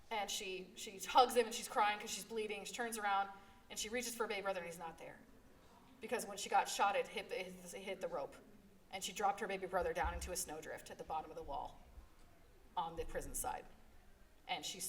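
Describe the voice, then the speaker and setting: A woman's voice: medium pitch, fast. A woman librarian presenting a live convention panel, telling stories with emphatic energy and frequent "okay?" check-ins. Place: convention panel room, live before an audience. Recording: distant mic, faint room noise.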